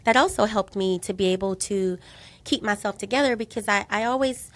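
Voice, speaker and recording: A woman's voice: medium pitch, fairly quick. Earnest woman telling her survival story. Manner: earnest, animated retelling with quoted dialogue. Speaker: guest, breast cancer survivor. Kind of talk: personal storytelling in a talk show interview.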